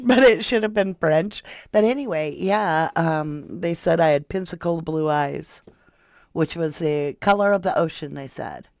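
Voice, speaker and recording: A woman's voice: lowish voice, no echo, clean studio sound. A woman from Florida hosting a casual true crime livestream, chatting and reading viewer comments aloud. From Florida, USA. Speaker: true crime channel host.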